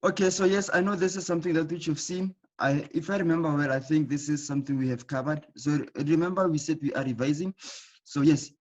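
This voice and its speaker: Man teaching online, patient, repeats himself, fairly high voice, dull lo-fi sound. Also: fairly even intonation, a little fast. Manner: patient, repeats key points with frequent "okay?" checks. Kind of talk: online class lesson. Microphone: computer mic in an online class.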